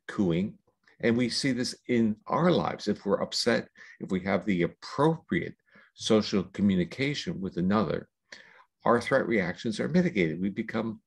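Older man, low gravelly voice, husky, measured lecturing explanations, interview guest. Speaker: guest scientist.

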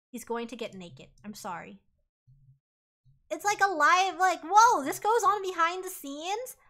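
A woman's voice: high voice, sharp tone. A woman streamer giving a chaotic comic live retelling, muttering asides as she goes. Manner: chaotic, fast, mumbling asides.

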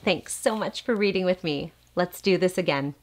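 A woman's voice: lowish voice, moderate pace. A woman speech therapist reading a picture book aloud to small children, asking the child questions and making animal sounds.

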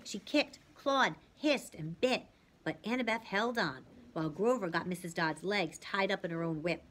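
A woman reading a novel aloud as a reader for her channel, narrating lively and dramatically, dropping at times to a soft hush. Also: fairly low pitch, moderate pace.

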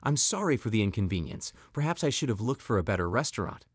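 A man's voice: lowish voice, very animated, quick pace, slightly rough, no room sound, studio quality. A man voicing a wealthy lawyer in his seventies who speaks in a self-assured, kindly way. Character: wealthy old male lawyer, confident and kind.

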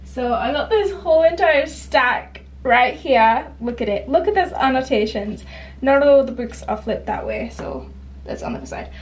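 A woman's voice: high-pitched, animated, moderate pace, a little hiss or hum. A woman chatting in a bubbly, rambling way as a book vlogger. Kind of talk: chatty vlog.

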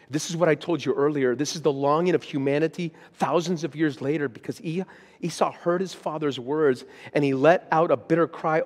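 A man's voice: a little high, a little fast, big-room sound. A man, a pastor, preaching a sermon, reading scripture with rising intensity and then speaking plainly to the congregation. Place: church auditorium.

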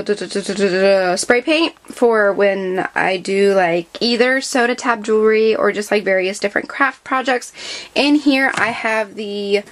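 A woman's voice: mid-range voice, background noise. Chatty young woman giving a room tour. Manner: chatty, rambling, many fillers. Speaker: vlogger. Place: her bedroom, indoors. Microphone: handheld camera, moving around.

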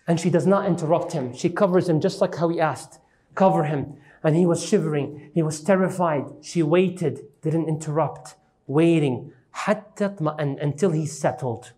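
Animated high-voiced male lecturer. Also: moderate pace. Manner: dramatic retelling, acting out quoted speech with rising pitch; asks the audience questions. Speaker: Islamic teacher. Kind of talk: storytelling religious lecture. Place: mosque lecture hall.

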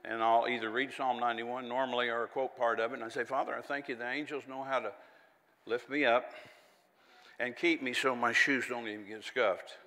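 A man's voice: mid-range voice, fairly even intonation, a little fast, pushed and bright, big-room sound. A man preaching a sermon in a folksy, conversational way, with chatty asides and little laughs.

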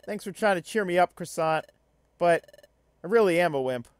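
A man voicing a timid, earnest young male creature who speaks softly and doubts himself. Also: sits high, expressive, moderate pace, smooth, pitched above the performer's own voice. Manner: soft-spoken, earnest, self-doubting.

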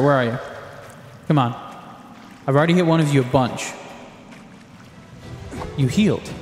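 A young man giving excitable gameplay commentary, swearing and reacting loudly to scares while he plays a survival game. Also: a little high. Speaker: gaming YouTuber. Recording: roomy echo with game music behind.

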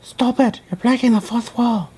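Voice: mid-range voice, normal speed, warm tone, slightly rough. A performer voicing a plush animatronic fox who is tired of being babied, in a homemade toy skit, talking in a plain, exasperated way. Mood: annoyed.

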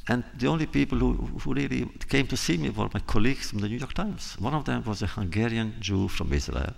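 A man giving a public talk, unhurried, telling a true story and acting out quoted dialogue, often repeating phrases for emphasis. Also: mid-range voice, animated, gravelly. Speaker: guest speaker.

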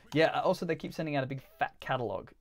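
A man's voice: on the high side, brisk. A man chatting casually while he plays on a game stream. He rambles and laughs often. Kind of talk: casual chat while gaming.

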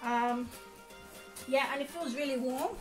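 Giggling and rambling at home, a young woman talks through a fashion haul for her video. Her high voice keeps a measured pace over music, with rough recording quality.

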